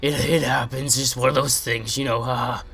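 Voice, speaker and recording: A young man voicing an awkward male school principal who talks haltingly with many ums. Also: mid-range voice, steady tone, gravelly, fairly bright tone, breathy edge.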